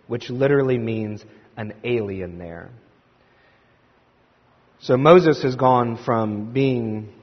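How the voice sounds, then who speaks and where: A man preaching a sermon, retelling a scripture story and quoting the figures with rising energy. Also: medium pitch. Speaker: pastor. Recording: echoey hall, dull lo-fi sound.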